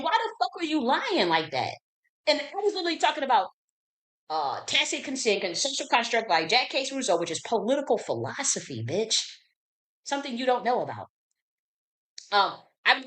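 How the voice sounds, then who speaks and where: A woman's voice: medium pitch, a bit bright. Profane, indignant woman. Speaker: channel host. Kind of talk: heated casual rant.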